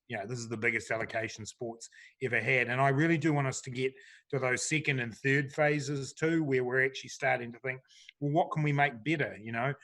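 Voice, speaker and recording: New man, chatty minister. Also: mid-range voice. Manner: relaxed, chatty, many fillers and restarts. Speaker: government minister on a sports panel. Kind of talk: panel discussion answers.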